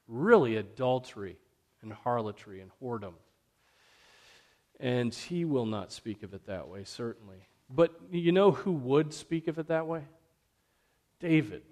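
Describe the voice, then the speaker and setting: A man's voice: mid-range voice, a little mellow. A man preaching a sermon in an earnest, emphatic way, often checking in with "right?".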